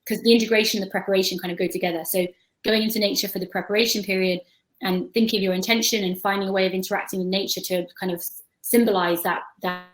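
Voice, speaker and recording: A woman's voice: mid-range voice, fairly even intonation, fast talker, poor audio. A woman on a video-call panel, talking at length in a thoughtful, chatty way and often restarting her words.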